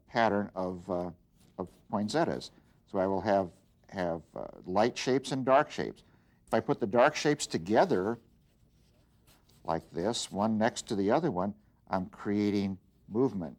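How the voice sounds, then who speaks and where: A man with a fairly low voice teaches an art lesson. He talks through his demonstration patiently and plainly, often pausing on fillers and starting phrases over. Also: darkish tone. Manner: plain, patient explaining with frequent fillers and restarts. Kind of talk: instructional demonstration.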